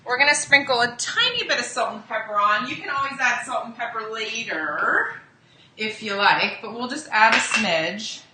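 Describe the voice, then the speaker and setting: A woman's voice: a little high, animated, normal speed, sharp tone, echoey room, a little hiss or hum, rough recording. A woman hosting a casual live cooking demo, chatting with viewers as she cooks in a home kitchen. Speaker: cooking show host.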